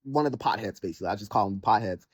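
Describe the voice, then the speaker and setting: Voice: sits low, rapid-fire, slightly rough, dry recording. Exasperated rambling game-review podcaster. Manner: rambling and exasperated, heavy on filler words; sarcastic mock voices when quoting characters. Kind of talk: casual spoken rant.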